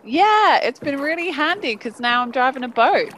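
A woman's voice: high-pitched, animated, normal speed, a bit bright, a little hiss or hum, rough recording. A woman playing a bubbly, chatty holidaymaker who is rowing a boat, in improvised comedy audio.

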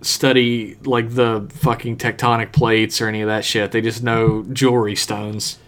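A man's voice: on the low side, little pitch movement, moderate pace. A man co-hosting a podcast, casually recapping an episode in a loose, rambling way and swearing freely. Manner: laid-back, swears freely, rambling retelling. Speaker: podcast co-host.

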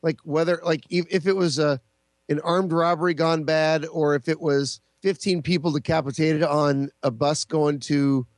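A man's voice: fairly high pitch, steady tone, normal speed, no echo, studio quality. A man in his forties, a podcast co-host, rambling through comic anecdotes with laughs between lines. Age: 40s. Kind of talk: casual comedic storytelling.

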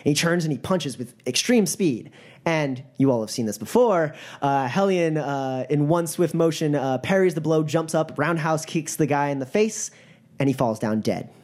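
A game master narrating a tabletop game in a casual, quick manner, with many fillers. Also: medium pitch, expressive, a little mellow.

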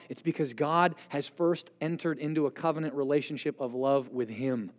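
A man preaching a sermon as pastor, earnest and emphatic, slowing down to stress key phrases. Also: on the high side. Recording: long reverb of a hall.

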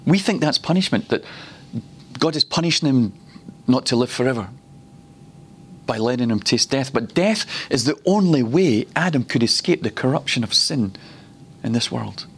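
This man's mid-range voice is slightly rough, with lively intonation, as he gives a teaching sermon at a ministry school. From Glasgow, Scotland, he tells stories and slows to repeat words for emphasis.

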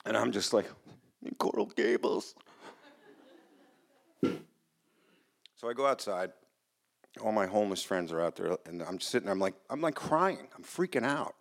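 A man's voice: fairly low pitch, lively intonation, fairly quick, vocal fry. A man telling a personal story live on stage in a casual, rambling way, swearing and restarting his sentences. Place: small hall in front of a live audience.

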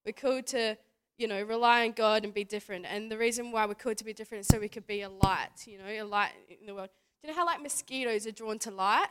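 A young woman gives a casual testimony talk at church as a youth speaker, talking fast in a slightly high voice. She's chatty, full of "like" and "you know," and laughs often. Heavy background noise runs under the recording.

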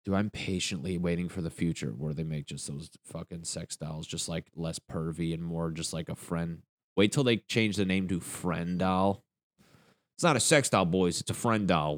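Young male comic, deep-voiced, crude rambling delivery, dry close recording. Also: no room sound. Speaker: stand-up comedian. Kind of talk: stand-up comedy rant.

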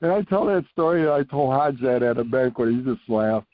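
A man's voice: mid-range voice, expressive, brisk, dry recording, phone-quality sound. An older man, a retired coach, telling stories animatedly in a casual interview, repeating phrases for emphasis. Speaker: retired coach, podcast guest.

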